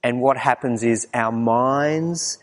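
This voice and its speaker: A man preaching a morning sermon, moving between quiet low passages and raised, emphatic lines. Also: slow pace. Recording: long reverb of a hall.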